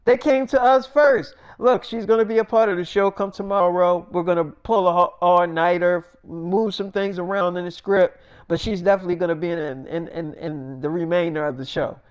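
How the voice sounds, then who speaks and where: A man's voice: sits high, fairly even intonation, normal speed, few pauses, smooth, natural voice. A man doing blunt weary TV producers. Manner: blunt, profane, matter-of-fact.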